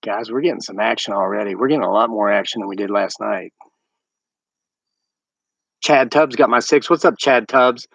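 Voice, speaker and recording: A man's voice: lowish voice, normal speed, vocal fry, long pauses, no room sound. An American man hosting a casual homesteading livestream at night outdoors, chatting and rambling to his live viewers. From United States.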